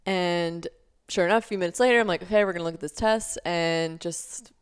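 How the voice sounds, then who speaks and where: In casual podcast conversation, a young female co-host tells a story with plenty of fillers. Her voice sits on the low side, clean in tone, and her delivery is brisk.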